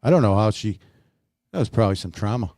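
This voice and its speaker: A man's voice: fairly low pitch, expressive, quick pace, a little mellow, dry recording, studio quality. A middle-aged man co-hosting a casual talk show, telling stories and laughing at himself. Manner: storytelling, laughs often, self-deprecating. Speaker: co-host. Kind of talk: casual chat.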